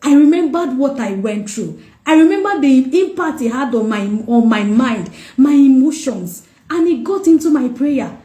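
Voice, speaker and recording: Woman, fairly high voice, heartfelt personal testimony, repeats lines for emphasis, echoey room. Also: lively intonation, moderate pace, warm tone. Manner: emotional, repeats phrases for emphasis. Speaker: mother sharing her testimony.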